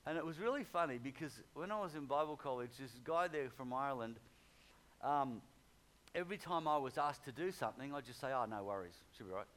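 A man's voice: fairly high pitch, lively intonation, a little fast, fairly bright tone. A man preaching a sermon in a conversational way, often repeating phrases for emphasis.

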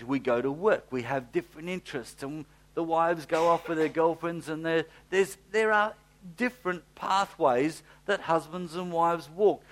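A middle-aged man preaching a sermon, telling the story with animated swings from loud to hushed. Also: a little high. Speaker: pastor.

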